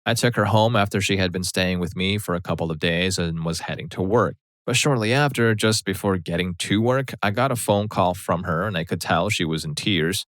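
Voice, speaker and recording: A man narrating a personal story aloud in a steady, matter-of-fact way. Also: low voice, moderate pace, hardly any pauses, no echo, studio quality.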